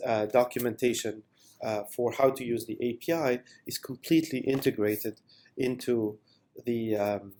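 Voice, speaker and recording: A man presenting a software product demo in an unscripted voice-over, enthusiastic and with many fillers. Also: mid-range voice.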